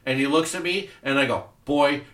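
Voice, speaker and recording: A man hosting a podcast, telling a profane story in a casual, animated way and acting out voices. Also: mid-range voice, quick pace, echoey room, far from the mic. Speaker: podcast host. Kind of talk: casual storytelling over drinks. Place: podcast studio.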